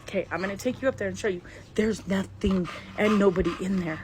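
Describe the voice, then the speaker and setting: A woman's voice: medium pitch, fast talker. A frightened middle-aged woman filming her own house on a phone, whispering and exclaiming indoors. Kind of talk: handheld phone video. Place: indoors at home. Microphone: phone camera. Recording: noisy home phone recording.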